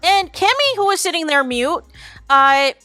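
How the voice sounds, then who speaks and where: A woman's voice: very high-pitched, big pitch swings, measured pace, sharp tone, dry recording, faint music behind. A woman hosting a reality-TV reaction channel, chatting casually to viewers and calling them "you guys". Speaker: YouTube reaction host.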